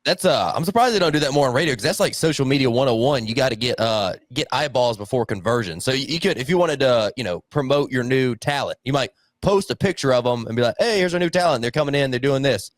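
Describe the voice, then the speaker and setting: A man talks quickly in a dry, close sound, laying out marketing ideas in casual podcast chat, his voice at a middle pitch. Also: expressive, no room sound. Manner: explains like a marketer, uses business terms.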